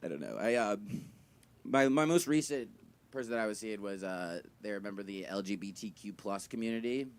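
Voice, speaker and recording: A young man doing a stand-up comedy set, with a high, thin voice, rambling and self-deprecating, full of fillers. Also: lively intonation, a little fast, smooth. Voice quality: high, thin voice he calls dumb. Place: comedy venue with live audience.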